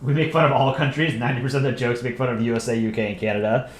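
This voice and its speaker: Chatty American streamer in an echoey room. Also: male voice, mid-range voice, fairly even intonation, very fast. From United States. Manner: rambling, chatty, reads viewer comments aloud. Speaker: channel host on a livestream. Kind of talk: casual livestream chat.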